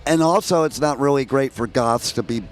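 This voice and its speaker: A man's voice: mid-range voice, normal speed, slight background noise. An American man from New York and New Jersey, interviewing a band outdoors at a music festival in a chatty, joking way. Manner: chatty, jokey, laughs between stories.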